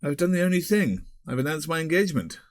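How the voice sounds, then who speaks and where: A man's voice: on the high side, sing-song, fast talker, dry recording, clean studio sound, pitched above the performer's own voice. A man doing a blunt, glum schoolmaster. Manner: blunt and offhand, calls people old boy. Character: shady male schoolmaster, weary and blunt.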